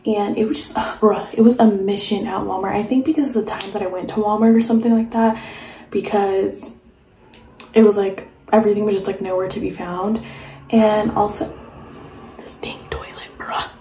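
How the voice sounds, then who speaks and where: A woman's voice: medium pitch, steady tone, brisk, mellow, reverberant, rough recording. A young woman vlogging at home late at night in a casual, chatty way, saying "like" a lot. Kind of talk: casual vlog chat.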